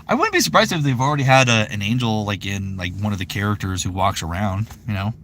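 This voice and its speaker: A man's voice: on the low side, expressive, fast talker, a bit bright, slight background noise. A man in his thirties chatting casually on a live stream, rambling with lots of fillers. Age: 30s. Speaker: voice actor streaming.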